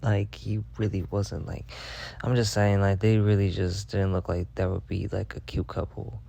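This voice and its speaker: A young man telling a rambling, profane story in a casual monologue, packed with filler words and deadpan bragging. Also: fairly low pitch, moderate pace, creaky, highs cut off. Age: young adult. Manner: rambling, heavy on "like" fillers and swearing. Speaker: vlogger.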